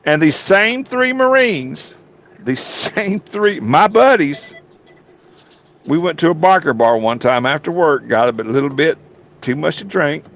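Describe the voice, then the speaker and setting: A man's voice: a little high, expressive, measured pace, a bit bright. A man telling rowdy stories in a folksy drawl, peppered with cursing. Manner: folksy drawl, colorful profanity. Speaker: storyteller on a talk show. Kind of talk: casual storytelling. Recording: dull lo-fi sound, faint room noise.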